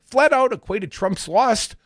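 A man's voice: sits high, expressive, unhurried, no room sound, studio quality. A man co-hosting a political talk radio show, reading news aloud with emphasis.

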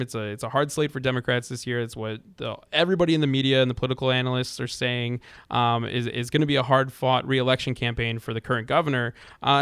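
A radio talk show co-host on a casual political call-in show rambles with frequent restarts. His medium-pitched voice is clear and resonant, recorded cleanly in a studio with no echo.

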